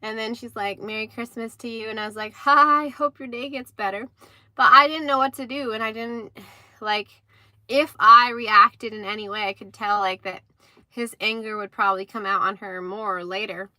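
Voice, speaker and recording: A young woman telling stories in a casual, animated livestream chat, acting out the people she quotes. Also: medium pitch, moderate pace, dry recording, studio quality. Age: young adult. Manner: chatty, animated retelling with acted-out quotes. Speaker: livestream host.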